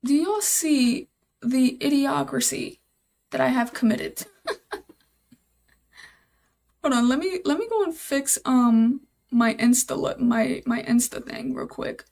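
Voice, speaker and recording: Woman, young, high voice, gravelly fry, live-stream chatter, thinking aloud, repeats herself. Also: animated, slow, pauses often, a little mellow. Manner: easily exasperated, swears casually.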